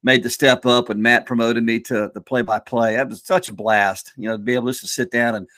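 A man's voice: mid-range voice, fairly even intonation, fairly quick, a bit bright, no room sound. A man hosting a podcast, a play-by-play announcer who talks with enthusiasm and lots of fillers. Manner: enthusiastic, lots of "you know". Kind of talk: casual podcast chat.

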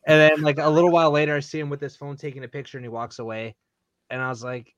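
A man's voice: on the high side, fast talker. A man who creates comics, telling a convention story in casual podcast chat, acting out what people said and laughing often. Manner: animated storyteller, quotes others, laughs often.

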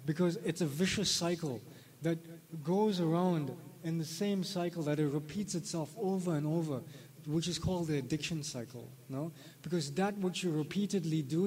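A man's voice: on the high side, a little mellow. A man giving a live sermon to a group as a spiritual teacher, tagging his phrases with a questioning "no?". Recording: long reverb of a hall.

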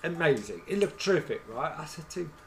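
A man's voice: on the high side, very animated, quick pace, slight background noise. A man, co-hosting a podcast and telling a rambling story with many restarts. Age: 60s. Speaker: podcast co-host. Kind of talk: casual chat.

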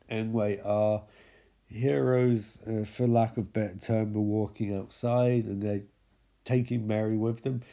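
A man's voice: lowish voice, level tone, unhurried, gravelly, warm tone. A man giving a mocking, profane recap of a zombie film with lots of exclamations. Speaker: film commentator.

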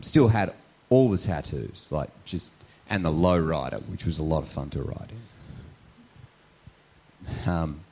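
A man's voice: low-pitched, a little mellow. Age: adult. A male pastor telling a story in a conversational sermon, often tagging his points with "right?". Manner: storytelling, frequent "right?" tags.

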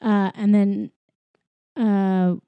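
A woman's voice: mid-range voice, level tone, drawn-out words, clear, resonant tone, dry recording, narrow, tinny audio. A woman casually retelling a movie plot as a podcast co-host, rambling with lots of fillers and laughs. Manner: rambling, filler-heavy storytelling with frequent laughs. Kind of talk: casual chat, recapping a movie.

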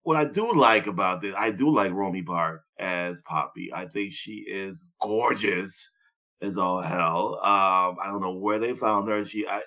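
A man's voice: low-pitched, measured pace, sharp tone. Blunt, profane man ranting casually. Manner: blunt, profane and laughing, with sarcastic asides. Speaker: podcast co-host. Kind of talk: casual chat.

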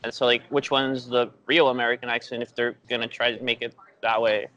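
Man, mid-pitched, casual and skeptical. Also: flat delivery, fairly quick, pushed and bright, lo-fi sound. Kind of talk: casual chat.

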